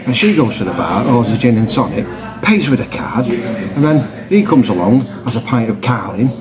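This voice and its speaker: A man's voice: medium pitch, big pitch swings, moderate pace, crowd noise. A man grumbling humorously about pub habits in a casual monologue, recorded in a pub. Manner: chatty, grumbling, dry humour. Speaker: pub vlogger. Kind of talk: casual comic monologue to camera.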